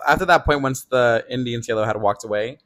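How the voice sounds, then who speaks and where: A man with a mid-pitched voice talks fast and loosely, co-hosting a casual podcast. His speech is full of slang and fillers, and his sentences wander as he goes. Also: fairly bright tone. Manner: rambling, filler-heavy slang. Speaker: podcast co-host. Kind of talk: casual chat.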